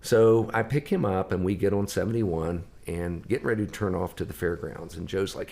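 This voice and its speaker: A man's voice: sits low, quick pace, vocal fry, darkish tone. A male musician guest telling anecdotes in a conversational interview and acting out the voices of people he quotes. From Ohio.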